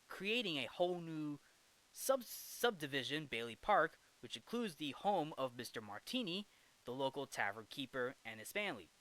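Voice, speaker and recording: A man's voice: fairly high pitch, pushed and bright. A man hosting a movie review show, giving a casual, rambling film recap with jokey asides and frequent self-corrections.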